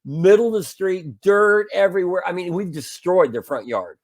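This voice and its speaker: A man in his fifties casually telling a long anecdote as a podcast co-host, animated and full of restarts. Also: sits high, moderate pace. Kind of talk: casual storytelling chat.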